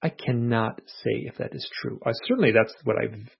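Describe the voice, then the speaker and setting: A man, an author being interviewed, earnestly retelling a personal experience in a reflective, animated way, with his inner thoughts voiced as quotes. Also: mid-range voice, brisk, vocal fry, husky. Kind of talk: casual conversational storytelling. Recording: muffled lo-fi audio.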